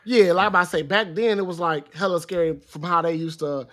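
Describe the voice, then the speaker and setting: A man co-hosting a casual podcast, with a crisp, bright voice pitched a little high. He talks in a laid-back, enthusiastic way and keeps dropping "bro" as he gushes. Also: fairly even intonation, brisk. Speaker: podcast co-host. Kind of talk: casual chat.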